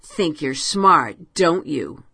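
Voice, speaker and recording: A woman's voice: low voice, lively intonation, unhurried, gravelly, a bit bright, slightly rough, heavily acted. A woman voicing a frightened woman alone at night, tense and curt with a wry edge.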